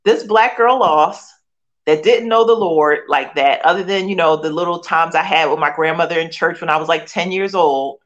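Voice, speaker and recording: Speaking fairly quickly with few pauses, a Philadelphia woman in her forties, an author appearing as a guest, tells her personal testimony with emotion and earnestness, peppered with you-knows and restarts. Her voice is low and the audio dull.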